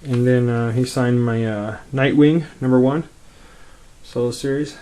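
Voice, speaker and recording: Man, casual show-and-tell, rambling, laid-back, quick talker, mid-pitched voice. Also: steady tone, dark tone. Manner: talks quickly. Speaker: comic collector vlogger.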